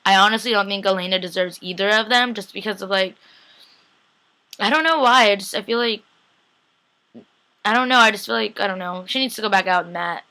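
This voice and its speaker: A young adult woman recaps an episode in a gushing, chatty vlog. Her voice is bright and forward, and she keeps acting out her own reactions with plenty of "like" in between. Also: mid-range voice, brisk, pauses often, rough recording. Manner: gushing, chatty, acts out lines with lots of "like". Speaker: fan vlogger recapping a TV episode. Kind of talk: excited casual recap.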